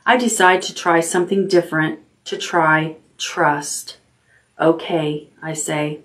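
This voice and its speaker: A woman librarian reading a chapter book aloud at bedtime, calm and steady. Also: low-pitched, measured pace.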